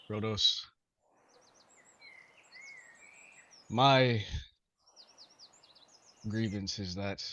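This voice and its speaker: A man's voice: on the low side, a bit bright, dull audio, a little hiss or hum. Man playing a solemn heartfelt wedding objector. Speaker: player. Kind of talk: in-character speech at a tabletop game.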